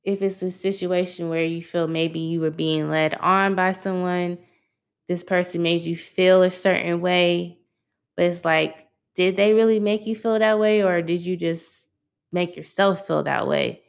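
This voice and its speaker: A young woman hosts her solo podcast in a relaxed, easygoing chat full of loose slang. Her voice is fairly low and smooth, with a gravelly fry at the ends of phrases. She takes her time and talks at an unhurried pace. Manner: laid-back, conversational, loose slangy phrasing. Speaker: podcast host.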